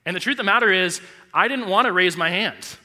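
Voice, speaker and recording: A male pastor in his thirties preaching a sermon in a large church, telling a personal story with animated, heartfelt delivery. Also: high voice, quick pace. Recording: echoey church hall reverb.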